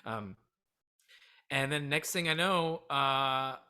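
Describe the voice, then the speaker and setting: Candid man telling a story, bright voice. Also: mid-range voice, slow, clean tone. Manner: candid, drifting between laughing and subdued. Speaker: comedian guest. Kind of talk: casual storytelling in an interview.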